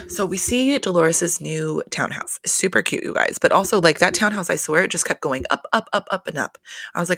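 A woman's voice: lowish voice, animated, normal speed, a bit bright, breathy edge, no room sound. A woman hosting a casual reality TV recap, chatty and profane, full of fillers and exasperation.

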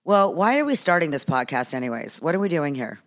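A woman's voice: deep voice, big pitch swings, a little fast. A woman in her fifties hosting a casual podcast with her daughter, playful and laughing often. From United States. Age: 50s. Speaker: podcast host, comedian. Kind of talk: casual chat.

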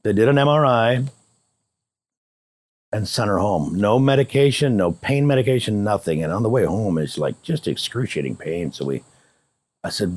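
A man's voice: fairly low pitch, lively intonation, normal speed, darkish tone, no echo. A man, an interview guest, casually telling a personal story and acting out both sides of the remembered dialogue.

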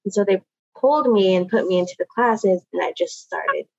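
A woman from the Pacific Northwest, a guest language teacher, talks in a relaxed conversational voice of middle pitch. She leans on fillers like "you know" and "um" as she tells her story. The audio is a little dull and lo-fi. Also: a little fast, vocal fry, no room sound.

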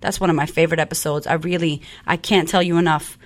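A woman's voice: low voice, steady tone, fast talker. Blunt, fired-up woman podcast host. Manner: blunt, profane, fired-up talk. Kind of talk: casual podcast monologue.

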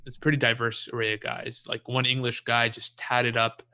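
A young man casually telling a story in a relaxed way, swearing freely and laughing at himself. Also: mid-range voice, brisk, clean tone.

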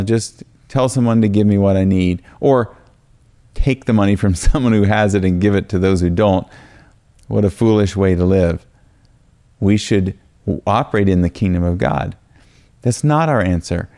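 A man delivers an earnest, encouraging sermon in a deep voice with a gravelly rasp. His tone is dark and mellow. He slows down when he reads scripture aloud. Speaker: preacher.

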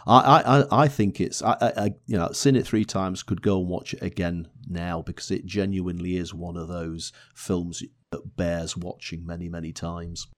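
A man's voice: sits low, steady tone, moderate pace, few pauses. A man co-hosting a podcast, chatting enthusiastically about a film with frequent restarts. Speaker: podcast co-host. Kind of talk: casual film review chat.

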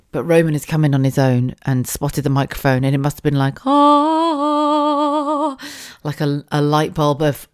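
A woman's voice: low voice, darkish tone. A woman, chatting casually on her own podcast from a room at home, laughing often and swearing now and then. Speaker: podcast host. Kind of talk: casual solo podcast chat. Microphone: studio mic with a damaged foam windscreen.

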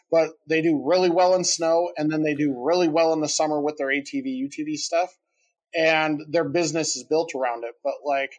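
A man's voice: a little high, rough recording. A man on a podcast talking casually about his marketing clients, with lots of fillers. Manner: rambling, filler-heavy, explaining. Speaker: podcast co-host, marketing agency owner.

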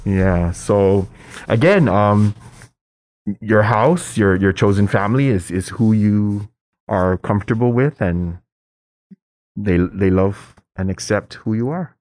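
A middle-aged man telling a personal story in casual chat, hesitant with restarts, then animated as he acts out voices. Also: takes it slowly. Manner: animated storyteller, acts out quoted voices with high pitch jumps; hesitant, many restarts and fillers.

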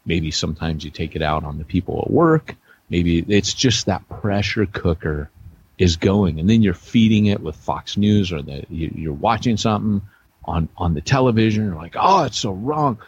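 A man's voice: deep voice, animated, moderate pace, a little mellow, dull audio, a little hiss or hum. A middle-aged man co-hosting a podcast, telling rambling, self-deprecating stories with many restarts in a casual chat. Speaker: podcast co-host, church planter.

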